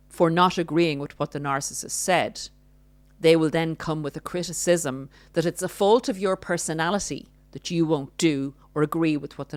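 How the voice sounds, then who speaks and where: A woman with a low voice explains things earnestly and adds the odd wry aside. The sound is dry and close, with no room echo. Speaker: host. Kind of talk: explanatory talk on narcissistic abuse.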